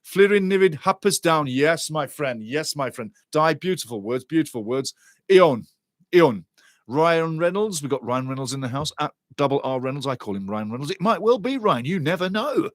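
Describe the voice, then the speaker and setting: An older man from Wales hosting a football watchalong stream, chatting casually, joking and reading out viewer comments, now and then breaking into excited shouting. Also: fairly high pitch, moderate pace, no echo, clean studio sound. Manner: excitable, jokey, bursts into shouting.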